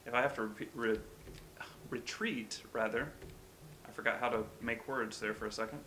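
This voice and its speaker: A man talking through a video game as he plays, mostly murmured, self-deprecating musing that breaks into startled yelps. His voice sits at an ordinary middle pitch. Game ambience plays clearly underneath him. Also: fairly even intonation, normal speed, sharp tone, slight background noise. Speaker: let's-play host. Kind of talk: gameplay commentary.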